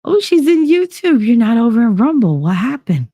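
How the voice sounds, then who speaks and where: A sleepless, frazzled woman from New Jersey hosts a loose livestream, chatting with viewers and swearing freely. Her voice has a rough, gravelly edge. The sound is dry and close, with no room around it. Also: fairly high pitch, expressive, a little fast, hardly any pauses, mellow, dry recording. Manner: rambling, profane, reads chat aloud. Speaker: livestream host. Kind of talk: casual livestream chat.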